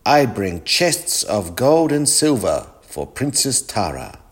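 A man's voice: on the low side, big pitch swings, takes it slowly, slightly rough, exaggerated voice. A man doing a courtly storybook knight. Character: gallant male knight, rich suitor. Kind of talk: storybook reading.

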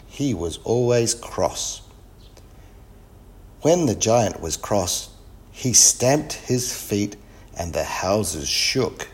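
A man reading a children's story aloud with lively expression. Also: lowish voice. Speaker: narrator.

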